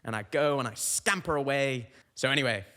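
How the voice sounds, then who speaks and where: A young man hosts a comic podcast, wandering from story to story in a loose, rambling way. His voice sits at a middle pitch. A long hall reverb hangs on every line. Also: a little fast, sharp tone. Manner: rambling, tangent-prone storytelling. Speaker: comedian host.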